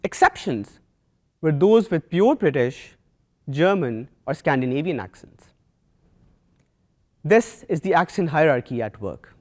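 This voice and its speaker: A young man with a Pakistani accent delivers a prepared talk, earnest and measured, pausing deliberately between phrases. His pitch rises and falls widely as he speaks. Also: sing-song, darkish tone. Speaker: student speaker.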